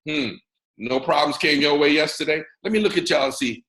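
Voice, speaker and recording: An American man hosting a network marketing mentoring call, talking in a lively, preacher-like way and teasing his audience over a video call. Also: a little high, fairly quick, roomy sound, poor audio. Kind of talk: motivational talk on a video call.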